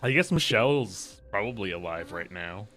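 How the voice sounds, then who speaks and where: A man's voice: on the low side, lively intonation, moderate pace, a bit bright, faint music behind. A man chatting casually while playing a video game, rambling, swearing freely and trailing off mid-sentence. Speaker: gameplay commentator.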